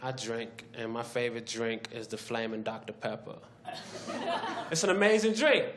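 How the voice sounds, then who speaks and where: A male stand-up comedian in a comedy club, animated as he acts out characters. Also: medium pitch, moderate pace. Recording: echoey club, loud crowd noise.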